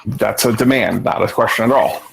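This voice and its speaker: A man's voice: fairly low pitch, brisk, gravelly, husky, rough recording. Man coaching over voice chat. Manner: explanatory, repeats and restarts words. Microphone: online voice chat mic.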